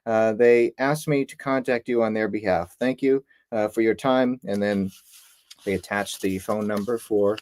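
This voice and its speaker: A young man co-hosting a paranormal show, reading a case file in a steady, slightly announcer-like way. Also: on the low side, moderate pace. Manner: steady read-aloud, with an occasional mock announcer tone. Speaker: co-host, paranormal investigator. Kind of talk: casual podcast chat, reading a case file aloud.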